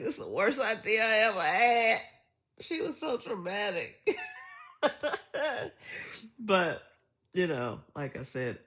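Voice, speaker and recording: A woman's voice: sits low, vocal fry. A middle-aged woman talking in a casual vlog monologue, chatty and reflective, laughing often as she tells stories. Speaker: vlogger.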